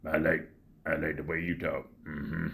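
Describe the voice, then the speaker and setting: A man putting on the voice of a slow, mumbling, simple-minded grown man, with grunting hums. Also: little pitch movement, vocal fry, fairly bright tone, heavily acted. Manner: low grunting murmur with hums.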